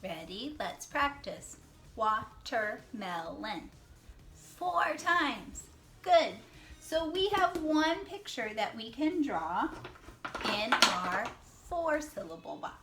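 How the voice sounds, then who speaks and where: Her voice high and swinging widely in pitch, a woman teacher guides young children through reading. She speaks slowly, drawing out words to count syllables, praising answers, and sometimes whispering.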